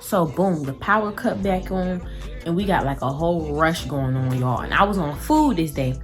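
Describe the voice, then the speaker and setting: Teenage girl, casual storytime vlogger; lower-pitched, animated and chatty, light music underneath. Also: normal speed. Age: teens. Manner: chatty and animated, talks straight to viewers.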